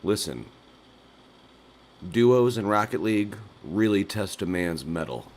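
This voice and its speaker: A man's voice: low-pitched, animated, measured pace, a little mellow. A man hosting a nightly call-in livestream, rambling through absurd jokes and laughing at his own bits. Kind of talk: rambling absurdist live-stream chat.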